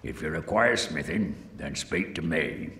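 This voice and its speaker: An actor playing a gruff older blacksmith in a video game. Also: male voice, a bass voice, measured pace, sharp tone, echoey room, in a large hall, heavily acted. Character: gruff older male blacksmith, low and gravelly.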